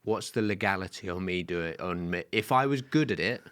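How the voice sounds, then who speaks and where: A man co-hosting a comedy podcast, teasing and laughing in animated banter. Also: low voice, a little fast, smooth, no room sound, studio quality. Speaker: podcast co-host. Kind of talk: casual comedy chat.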